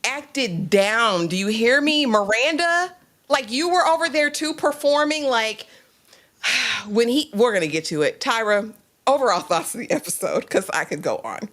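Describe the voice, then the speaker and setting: A woman co-hosting a live stream that recaps a TV drama. She greets viewers by name and talks in an emphatic, animated way. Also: a little high, normal speed. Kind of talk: casual live-stream chat.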